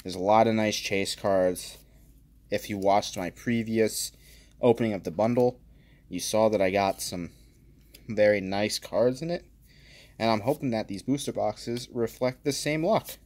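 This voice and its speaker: Slightly slow and lowish in voice, this channel host cracks open card packs while chatting casually. Card names get read aloud between jokes and sudden excited shouts.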